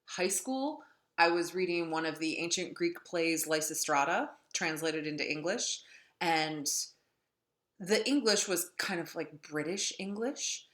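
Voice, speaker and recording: A woman lecturing on literature in a chatty, wry way, filling pauses with ums. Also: on the low side, a bit bright. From North Dakota. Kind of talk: classroom lecture. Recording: echoey room.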